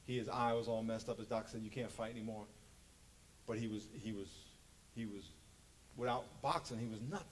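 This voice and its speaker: A man preaching a sermon as pastor, animated and joking, acting out quotes. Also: lowish voice, a little fast, a little hiss or hum, rough recording.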